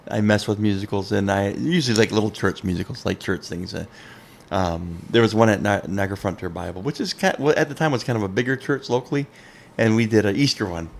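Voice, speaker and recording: A man co-hosting a podcast, telling a funny personal story in casual chat, animated and laughing often at himself. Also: on the low side, fast, creaky, slight background noise. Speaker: podcast co-host.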